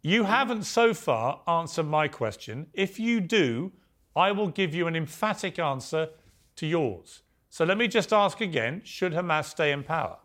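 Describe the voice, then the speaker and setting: A man's voice: fairly high pitch, expressive, a little slow, fairly bright tone. A man hosting a televised debate, firm and controlling, cutting in to steer the exchange. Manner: firm, cuts in to keep control. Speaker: host.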